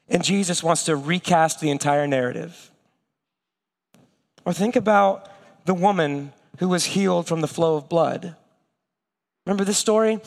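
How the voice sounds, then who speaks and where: A man preaching a sermon, telling stories with lively acted-out voices and going slow and hushed for his weightiest points. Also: high voice, in a large hall. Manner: animated storytelling, acting out quoted voices. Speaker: pastor.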